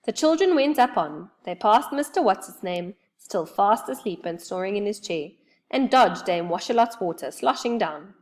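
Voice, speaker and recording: A woman's voice: medium pitch, animated, normal speed. Woman reading a children's story expressively. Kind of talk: reading a children's book aloud.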